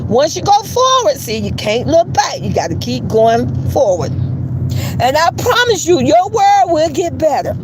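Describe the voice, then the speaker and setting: A woman in her fifties tells stories to her livestream viewers, chatty and laughing often. Her voice sits high and swings widely in pitch. She keeps calling out to the viewers as she talks. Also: measured pace, background noise. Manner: animated, chatty, laughs often, addresses viewers as "you guys". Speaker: YouTuber on a livestream. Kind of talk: casual livestream storytelling to viewers.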